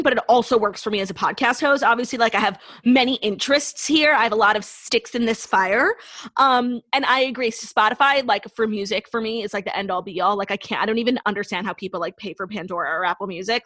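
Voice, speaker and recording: Young female co-host, high-ish voice, outspoken, casual swearing, dry recording. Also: pushed and bright, no room sound. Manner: opinionated, blunt, swears casually. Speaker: podcast co-host. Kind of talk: casual chat.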